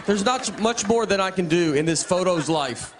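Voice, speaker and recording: Deadpan male comedian, live crowd. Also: high-pitched. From Tennessee. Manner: deadpan, halting delivery with many restarts. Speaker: stand-up comedian. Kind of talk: stand-up comedy set. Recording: live set with crowd laughter and noise.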